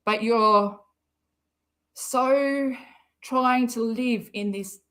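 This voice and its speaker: A woman talks at an unhurried, drawn-out pace in a fairly high voice. She hosts a casual live stream, rambling and mocking with a sarcastic edge. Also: a bit bright. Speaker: live-stream commentary host.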